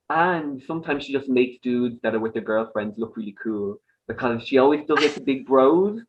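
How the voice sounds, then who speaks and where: Young Irish man, casual podcast guest, chatty and giggly, mid-pitched, a bit dull on the recording. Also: moderate pace, few pauses, noisy background. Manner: laughs often, rambling and animated. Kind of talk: casual chat.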